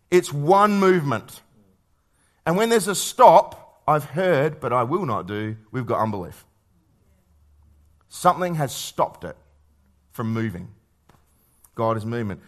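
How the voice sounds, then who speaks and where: A man preaching a sermon in a conversational way, telling stories and asking rhetorical questions, reading scripture slowly and quietly. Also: on the high side.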